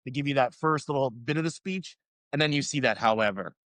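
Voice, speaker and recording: A man's voice: on the high side, a little fast, fairly bright tone, no echo. A man hosting a podcast, asking questions and answering with short reactions. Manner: reactive interviewer, frequent short affirmations. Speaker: podcast host. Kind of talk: casual podcast interview.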